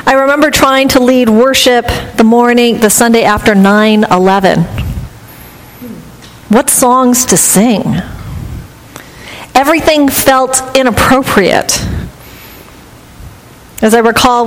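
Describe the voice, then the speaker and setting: Earnest woman pastor in reverberant sanctuary. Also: fairly high pitch. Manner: measured, earnest and reflective. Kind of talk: sermon. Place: church sanctuary. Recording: long hall reverb.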